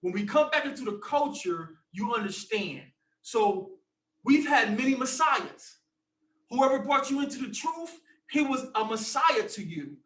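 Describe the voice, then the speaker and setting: A man leading a religious discussion, preaching forcefully and breaking into shouts. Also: very high voice, big pitch swings, a little slow, roomy sound, distant mic. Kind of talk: fiery preaching.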